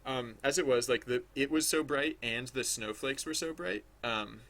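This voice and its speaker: A man's voice: medium pitch, moderate pace, fairly bright tone. A man thinking aloud as he draws on a livestream, rambling and hesitant, full of restarts, chatting with viewers. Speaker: livestreaming digital artist.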